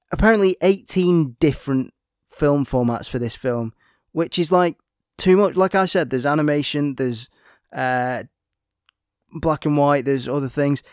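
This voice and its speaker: A man reviewing films in casual chat, with animated, exasperated outbursts and many fillers. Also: fairly high pitch, dry recording, studio quality. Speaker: film reviewer.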